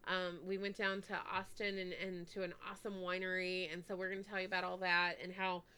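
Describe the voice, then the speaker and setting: Bright, clear-voiced chatty woman podcaster. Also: on the low side, little pitch movement, brisk. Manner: chatty, full of "like" and "anyway". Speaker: podcast co-host. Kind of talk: casual storytelling chat.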